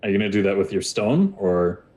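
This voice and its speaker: A man's voice: lowish voice, sing-song, fairly quick, darkish tone. A man narrating a tabletop game as game master, rambling with many fillers and restarts.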